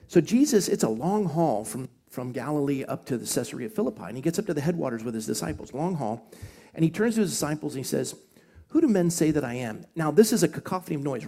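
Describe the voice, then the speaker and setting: At a live event, a pastor from Scotland delivers his sermon as lively storytelling punctuated by fast asides. His voice sits in the mid range.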